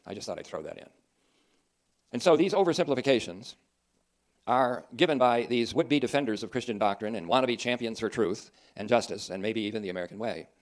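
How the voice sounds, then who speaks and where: Male preacher, sermon, emphatic, earnest, dry asides, mid-pitched voice. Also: animated, brisk.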